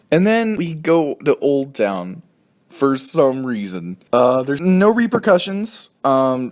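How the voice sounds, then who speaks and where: A man reviewing a TV episode in an angry, profane rant. He sounds exasperated, and his voice leaps up high when he gets indignant. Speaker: TV show reviewer.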